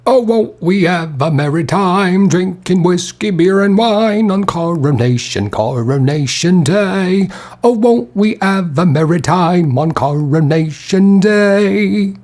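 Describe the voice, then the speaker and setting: A man reading an audiobook who voices a boisterous, mocking young man, loud and teasing. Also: mid-range voice, moderate pace, close to an everyday voice. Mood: merry singing.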